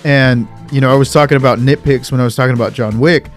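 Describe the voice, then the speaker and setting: A man's voice: medium pitch, steady tone, quick pace, soft background music. A young man co-hosting a casual podcast, blunt and opinionated, swearing freely as he rants. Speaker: podcast co-host.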